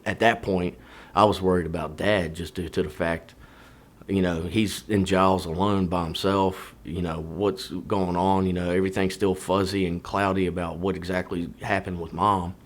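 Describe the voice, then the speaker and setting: A man in his forties, a former Navy officer, haltingly recalling a family tragedy in a documentary interview. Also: sits low, flat delivery. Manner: halting, full of "you know" and restarts.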